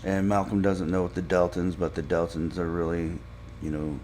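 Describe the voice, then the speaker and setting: A man casually recapping a TV episode for a podcast, halting with frequent fillers and restarts. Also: sits low, completely flat delivery, a little mellow, slight background noise. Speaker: podcast reviewer.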